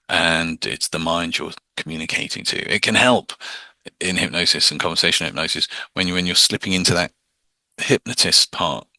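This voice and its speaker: A man's voice: sits low, sharp tone, dry recording. A man teaching hypnosis in a casual, plain-spoken lecture, often slipping into mock voices to show a point.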